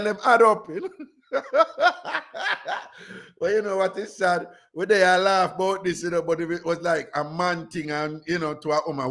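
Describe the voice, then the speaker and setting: A Jamaican-accented man hosts radio, his voice leaning high with a touch of brightness. His storytelling wanders in relaxed patois, sprinkled with lots of "you know"s.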